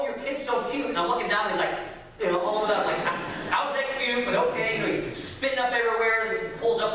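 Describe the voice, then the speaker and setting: A man preaching, telling a family story with lively acted-out voices. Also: sits high. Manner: animated storyteller acting out voices. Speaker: pastor. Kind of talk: sermon storytelling. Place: church sanctuary. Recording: echoey hall from far off.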